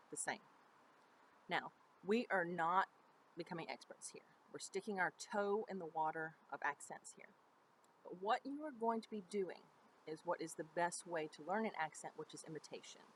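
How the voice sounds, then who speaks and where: A woman drama teacher explaining an assignment in a chatty, relaxed way, checking in with "okay" as she goes. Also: low-pitched, a little hiss or hum, poor audio. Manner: chatty, explanatory, with frequent ums and okays. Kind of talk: recorded mini-lesson. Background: building work going on nearby.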